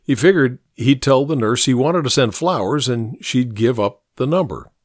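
A man narrates an audiobook with lively, shifting pitch. His voice is recorded dry and close with no room sound. He tells the story in a steady, expressive way. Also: moderate pace, no room sound.

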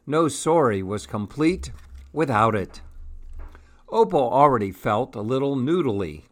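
A man reading a children's picture book aloud in a gentle, expressive way. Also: mid-range voice, unhurried. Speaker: storyteller.

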